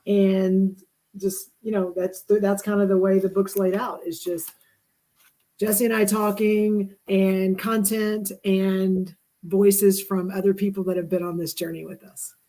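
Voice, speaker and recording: A woman's voice: mid-range voice, little pitch movement, measured pace, warm tone. A woman co-hosting a casual livestream, giving background in a rambling way with frequent agreement. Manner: explains with many fillers and restarts, agreeing often. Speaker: co-author and livestream co-host.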